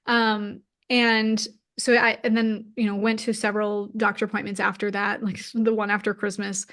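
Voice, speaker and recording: Speaking at a moderate pace, this thirtysomething woman has a medium-pitched, fairly bright voice and a flat delivery. As an interview guest she opens up emotionally about her own story, peppering it with "like."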